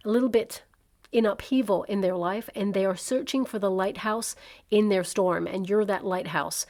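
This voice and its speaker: A woman with a mid-range, slightly mellow voice gives a casual tarot reading to camera. Chatty and reassuring, she thinks aloud with plenty of fillers.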